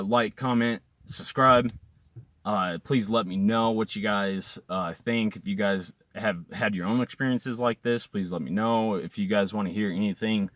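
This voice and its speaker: A man's voice: fairly low pitch, no echo, lo-fi sound. A man vlogging to his viewers, telling a long personal story in an earnest, rambling way with lots of fillers and repeated words. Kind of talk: casual storytelling to camera.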